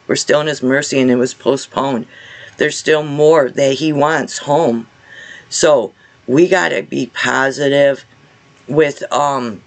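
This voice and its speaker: A man recounts a vision in a slightly high, gravelly voice. He speaks with earnest feeling, stumbling and restarting his phrases as he goes. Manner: halting, repeats and restarts words, earnest. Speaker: vlogger sharing a religious vision. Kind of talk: casual spoken testimony.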